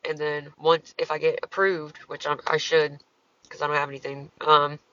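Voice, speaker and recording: A woman's voice: low-pitched, flat delivery, moderate pace, pushed and bright, muffled recording. A woman talking casually on her livestream, answering comments in a profane, exasperated, rambling way.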